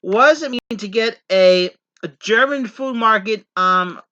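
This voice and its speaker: High, sharp-voiced rambling man vlogger. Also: a little slow, muffled recording. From Pennsylvania coal region, USA. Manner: rambling, repetitive, earnest, many false starts. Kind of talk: casual rambling monologue to camera.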